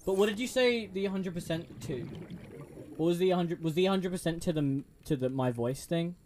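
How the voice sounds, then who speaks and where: A man's voice: high voice, moderate pace, darkish tone, a little hiss or hum. A young man streaming a game, chatting to a friend, giggling and stumbling over restarts. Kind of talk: casual gameplay chat with a friend.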